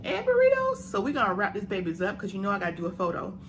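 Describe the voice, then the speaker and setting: A woman's voice: mid-range voice, steady tone, racing. A woman hosting her own cooking and mukbang vlog. She talks in an upbeat, chatty way and often says "oh yeah". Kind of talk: casual vlog chat. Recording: noticeable background noise.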